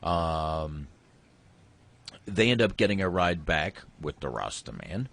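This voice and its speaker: A man's voice: deep voice, animated, slow pace, a bit bright. A man hosting a casual movie review podcast, retelling scenes in a rambling, profane way. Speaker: podcast host.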